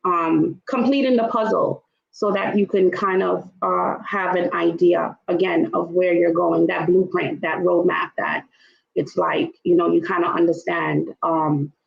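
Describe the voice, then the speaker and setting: A woman's voice: on the low side, steady tone, a little slow, vocal fry, echoey room, dull audio. A woman from Trinidad with a Trinidadian and New York accent, speaking with emphasis as a panelist in a casual discussion and often asking "right?". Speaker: panelist in an online travel talk.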